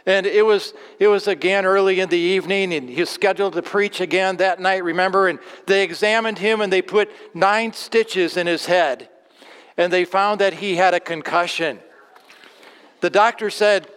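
Earnest high-voiced preacher in a reverberant church. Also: male voice, fairly even intonation, a bit bright, clear, resonant tone. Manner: earnest, repeats words, slows on key phrases. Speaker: pastor. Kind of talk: sermon. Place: church sanctuary.

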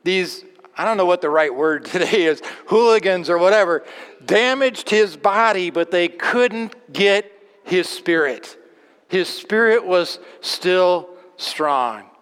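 Male pastor, sermon, resonant high tenor, long hall reverb. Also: expressive, a bit bright, clear, resonant tone. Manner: earnest, repeats words, slows on key phrases. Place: church sanctuary.

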